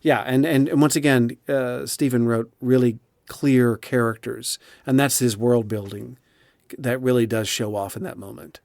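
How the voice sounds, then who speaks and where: A man's voice: medium pitch, fairly even intonation, normal speed, vocal fry, darkish tone, no room sound. A man who narrates audiobooks, chatting expressively in an interview with frequent restarts. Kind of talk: casual interview chat.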